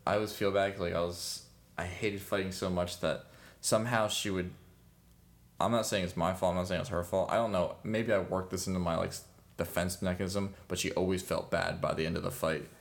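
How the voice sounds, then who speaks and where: His voice sits low with fairly even intonation as he talks fairly quickly. He's a young podcast co-host chatting casually, rambling, dropping lots of fillers and laughing often.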